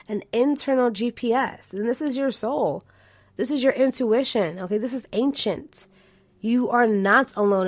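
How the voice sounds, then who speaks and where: A woman's voice: medium pitch, no room sound. A young adult woman hosting a spiritual self-help podcast, coaching listeners in an affirming tone and often checking in with "okay" and "right". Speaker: podcast host.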